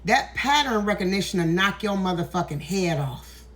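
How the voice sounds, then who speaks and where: A woman's voice: mid-range voice, expressive, moderate pace, a bit bright. A woman speaks into her phone indoors, close to tears as she delivers an emotional monologue. Her talk is emphatic and preachy, she swears freely, and she keeps pushing through the feeling. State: near tears. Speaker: tarot content creator. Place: indoors, walking in a hallway.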